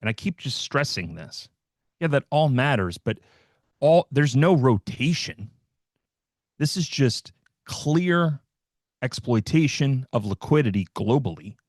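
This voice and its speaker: A man's voice: medium pitch, big pitch swings, unhurried, dry recording, clean studio sound. A man hosting a live trading stream, giving casual market commentary in a loose, joking way with plenty of fillers. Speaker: host of a trading livestream.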